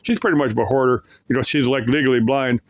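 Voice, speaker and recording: A man's voice: medium pitch, fairly even intonation, fast talker, dry recording. A man casually retelling creepy stories, rambling with many fillers and restarts. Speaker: storyteller.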